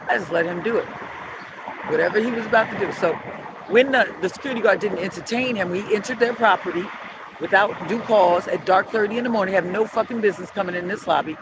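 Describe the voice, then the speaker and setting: A middle-aged woman with a New Orleans accent, ranting profanely and heatedly on a live stream from a city street at dawn, filmed on a phone. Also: lowish voice. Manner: heated, profane, animated storytelling with sing-song chanting. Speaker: street vlogger. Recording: loud outdoor city traffic noise.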